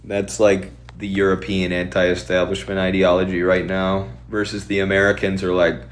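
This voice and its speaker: A man streaming and answering viewer questions in a quick, offhand, opinionated way. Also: low voice, completely flat delivery.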